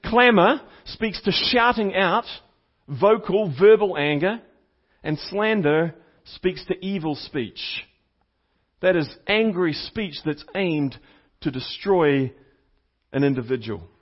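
High-voiced man preaching a sermon. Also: lively intonation, slow pace. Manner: teaching, repeats key points for emphasis; asks the congregation questions. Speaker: pastor. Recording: slightly dull, lo-fi sound.

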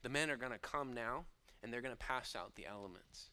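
A man preaching from the pulpit with a very bright, forceful voice, earnest and emphatic. He slows down to lean on key phrases and builds in intensity as he speaks. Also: mid-range voice. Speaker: pastor. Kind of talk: sermon.

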